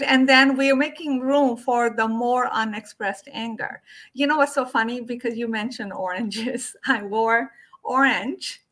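A woman hosting a casual wellness conversation, talking expressively and quick to agree. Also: fairly high pitch, a bit bright. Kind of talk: casual spiritual wellness chat.

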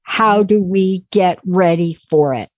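A woman in her forties, a guest speaker telling an animated, motivational story. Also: fairly low pitch, slow pace, no room sound, lo-fi sound. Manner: animated, acts out quoted voices.

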